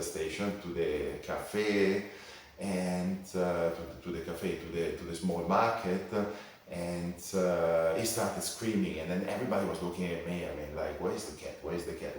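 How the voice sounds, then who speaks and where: Italian guy narrating his bike trip, halting, lots of restarts, deep voice, really echoey. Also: a little hiss or hum. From Sardinia, Italy. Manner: hesitant, many fillers and restarts. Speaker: cycling vlogger. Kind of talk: storytelling voice-over narration. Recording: echoey, distant mic.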